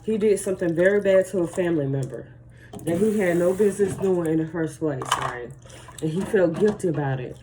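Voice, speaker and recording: Animated, cussing woman telling a story. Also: fairly low pitch, a little fast, noisy background. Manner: animated, profane, emphatic. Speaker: vlogger. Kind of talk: casual storytime. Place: at home, near a running tap.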